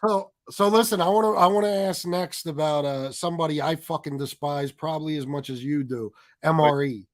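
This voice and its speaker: A man's voice: fairly high pitch, fairly quick, hardly any pauses. A man hosting a casual interview show, talking loosely and profanely. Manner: casual, says "bro" constantly. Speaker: host.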